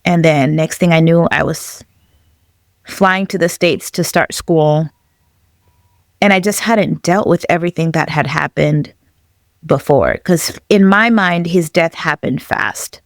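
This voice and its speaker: Young woman from zambia telling her story, lowish voice, halting and thoughtful, dry close sound. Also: vocal fry, dry recording. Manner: reflective, halting, with many fillers. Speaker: podcast guest. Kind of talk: personal storytelling.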